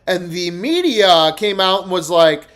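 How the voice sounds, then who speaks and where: A young man in casual, profane live-stream commentary, reacting to news clips, loud and laughing and swearing constantly. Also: sits high, lively intonation, measured pace.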